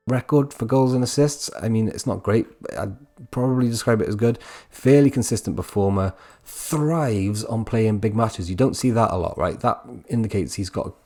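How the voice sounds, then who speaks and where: A Welsh man with a low voice talks through a video game in a loose, conversational voice-over. He reels off player stats one after another and keeps checking in with a quick "right?". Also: darkish tone. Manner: chatty, rattles off stats, keeps asking "right?". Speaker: gaming channel host. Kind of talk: casual game commentary voice-over.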